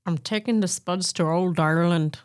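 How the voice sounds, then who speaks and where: A woman reads old newspaper reports aloud for a podcast. Her delivery is steady and measured, and her voice sits on the lower side. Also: clean tone. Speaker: podcast co-host.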